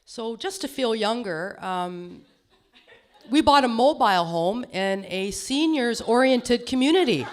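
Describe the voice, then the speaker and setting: A woman's voice: a little high, expressive, measured pace. A middle-aged woman with a lisp doing a self-deprecating stand-up comedy set on stage, laughing at her own jokes. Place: small comedy stage before an audience.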